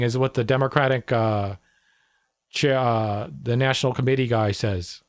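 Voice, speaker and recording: A man's voice: mid-range voice, moderate pace, no room sound, studio quality. A man hosting a livestream, mocking the news clips he plays in a profane, sarcastic, casual rant. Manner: sarcastic, mocking, swears freely. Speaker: livestream host.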